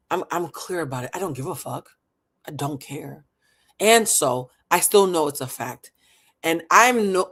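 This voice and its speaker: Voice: mid-range voice, a bit bright. A livestream host giving impassioned commentary on a talk show and calling listeners honey and baby.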